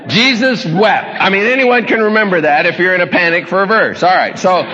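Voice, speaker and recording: Joking, folksy preacher in a large hall. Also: male voice, high voice, fairly quick, sharp tone, highs cut off, a little hiss or hum. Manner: joking, folksy, storytelling, chuckling asides. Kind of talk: humorous sermon storytelling.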